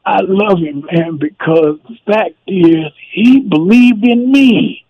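A man's voice: high voice, expressive, slow pace, few pauses, no room sound, narrow, tinny audio. A man who played football, calling in to a radio show, tearful and exclamatory as he tells his story. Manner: emotional, tearful, exclamatory with "geez". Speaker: former football player, guest. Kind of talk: emotional radio interview storytelling.

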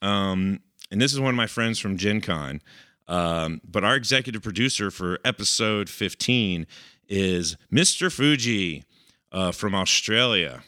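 A man's voice: on the low side, lively intonation, measured pace, sharp tone, no room sound, clean studio sound. A man co-hosting a casual podcast, rambling with lots of fillers and easy laughs. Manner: rambling, filler-heavy, chuckling. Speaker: podcast co-host.

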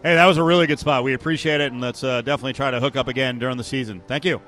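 A man hosting a sports talk radio show, chatty and joking with quick asides. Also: mid-range voice, fairly even intonation, a bit bright.

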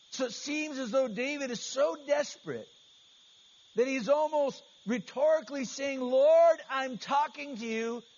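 A man preaching an earnest, conversational sermon as pastor, often restarting his phrases. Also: extremely high pitch. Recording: slightly dull, faint hiss.

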